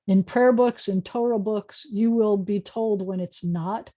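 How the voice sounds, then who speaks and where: A woman's voice: medium pitch, a little slow, warm tone. A woman rabbi teaching a beginners' Hebrew lesson over a video call, patiently sounding out words with chatty asides.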